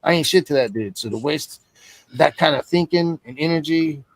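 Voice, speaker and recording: A man's voice: on the high side, normal speed, vocal fry, no room sound, rough recording. A man telling a personal story in casual stream chat, blunt and heavily profane.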